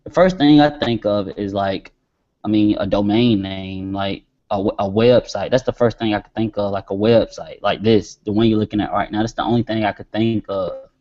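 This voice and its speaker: A man hosting a marketing webinar, talking casually and slowly dictating words as he types. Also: on the low side, fairly even intonation, mellow. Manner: casual, talks while typing, stretches words as he dictates. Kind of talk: screen-share tutorial. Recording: dull lo-fi webinar audio.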